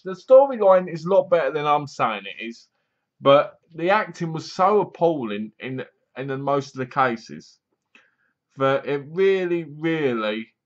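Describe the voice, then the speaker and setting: Guy rambling through a horror movie review, frank, trips over words, kinda muffled lo-fi audio. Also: on the high side. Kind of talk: casual spoken review. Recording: slightly dull lo-fi recording.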